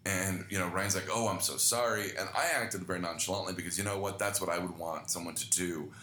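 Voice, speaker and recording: A man's voice: low-pitched, steady tone, brisk, bright, forceful tone, echoey room. A young man hosting a podcast, telling rambling, self-deprecating stories with lots of swearing in casual chat. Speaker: podcast host. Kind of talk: casual storytelling monologue.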